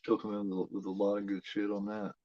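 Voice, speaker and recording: A man hosting a horror watch-along, giving profane, rambling, excitable live commentary on a film. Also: lowish voice, fast, dry recording. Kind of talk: casual live movie commentary. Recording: dull lo-fi home recording.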